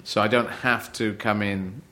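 A middle-aged man born in Yemen, a comedian chatting on a podcast, rambling and playful, slipping into quick mock voices. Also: lowish voice, fairly even intonation, bright, forceful tone. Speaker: comedian guest. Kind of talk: casual podcast chat.

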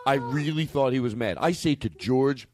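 A man hosting a comedy podcast, talking in an excitable, rambling way with frequent laughter. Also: medium pitch, moderate pace, loud music behind the voice. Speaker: podcast host.

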